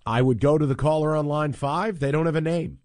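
A man's voice: a little high, fairly even intonation, a little fast, a little mellow, no room sound, studio quality. A man hosting sports talk radio, speaking in a conversational, self-deprecating way and taking calls.

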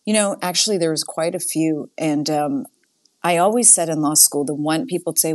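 A woman from the Boston area with a low voice speaks in a casual interview. She tells stories with animated energy, laughs easily and slips into quoted dialogue. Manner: animated storyteller, quick laughs, acts out quoted lines. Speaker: guest, nonprofit CEO.

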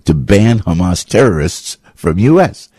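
A man's voice: deep voice, big pitch swings, unhurried, warm tone, husky, no echo, studio quality. A man hosting a talk radio show, giving rambling, indignant commentary with lots of restarts.

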